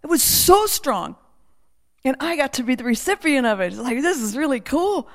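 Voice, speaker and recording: High-voiced woman preacher, animated. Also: normal speed. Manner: animated storytelling with laughter, sliding into hushed prayer. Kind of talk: testimony sermon and prayer.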